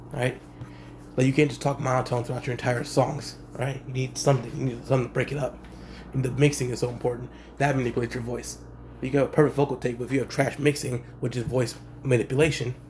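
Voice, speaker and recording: Young rapper guy talking on his vlog, monotone, mid-pitched, chill and slangy. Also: slight background noise. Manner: laid-back slangy monotone delivery. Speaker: rapper and channel host. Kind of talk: casual talking-head vlog.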